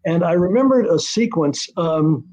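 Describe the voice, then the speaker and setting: An older male screenwriter recalling his work in a relaxed interview, rambling with many fillers and restarts. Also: on the high side, measured pace. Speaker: screenwriter and producer guest. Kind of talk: conversational interview storytelling. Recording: muffled lo-fi audio.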